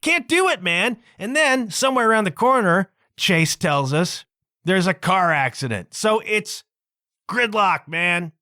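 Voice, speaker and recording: Animated male podcast host, lively pitch. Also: no echo, clean studio sound. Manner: animated, exclaiming, drawn-out words for emphasis. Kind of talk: casual storytelling monologue.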